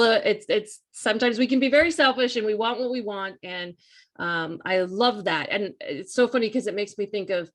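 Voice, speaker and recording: A woman hosting a live coaching talk, speaking in a casual, earnest and emphatic way that repeats key points and speaks straight to her listeners. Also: mid-range voice. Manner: earnest, emphatic and repetitive, addresses listeners directly.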